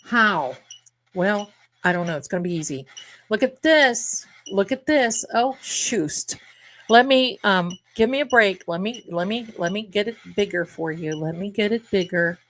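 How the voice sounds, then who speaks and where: A woman's voice: medium pitch, lively intonation, a little slow, a bit bright, a little hiss or hum. A middle-aged woman hosting a live tarot stream, chatting casually and rambling to her viewers, calling them her darlings.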